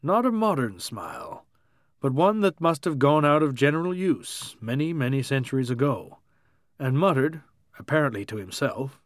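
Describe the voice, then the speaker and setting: Casting: male audiobook narrator, measured and literary, dry close-mic sound. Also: medium pitch, sing-song, no echo.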